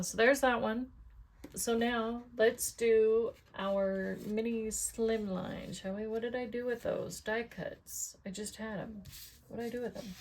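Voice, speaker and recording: Slow, gravelly-voiced woman crafting. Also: a little high. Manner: chatty, talks to herself while working, asks viewers questions. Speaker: card-making crafter. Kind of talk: casual crafting tutorial chat.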